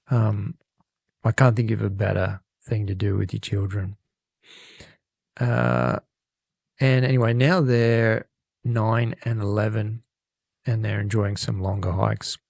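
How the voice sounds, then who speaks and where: A man co-hosts a podcast, chatting loosely and stumbling over his words as he reads a fan's letter. His voice is a little low with a gravelly edge. The sound is close and dry, right on the microphone. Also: a little mellow, no echo. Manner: rambling, laughing, self-correcting. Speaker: podcast co-host. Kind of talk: casual podcast chat reading a listener email. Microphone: studio microphone.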